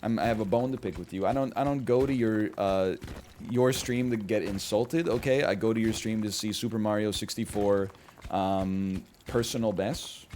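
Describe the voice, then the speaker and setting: A man's voice: lowish voice, moderate pace, darkish tone, slight background noise. A man streaming and chatting casually, rambling and joking at his own expense. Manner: rambling, self-deprecating, jokey voice bits. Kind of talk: casual chat while gaming.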